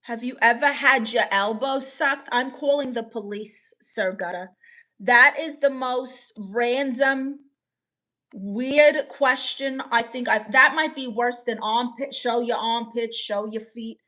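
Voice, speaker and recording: A woman's voice: a little high, takes it slowly, sharp tone. A woman live-streaming, reading viewers' comments aloud and bantering with them in a playful, teasing way.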